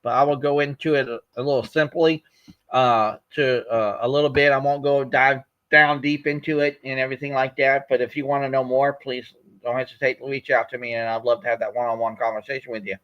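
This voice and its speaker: A man's voice: medium pitch, fairly even intonation, a little fast, fairly bright tone, highs cut off. A man in his fifties from Florida, hosting a livestream chat and telling his story in a rambling way, with many fillers and restarts. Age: 50s. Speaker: host.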